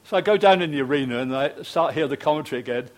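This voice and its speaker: With a slightly high voice and a racing pace, a retired British TV producer in his later years tells an audience stories, chatting away with frequent fillers and hesitant restarts.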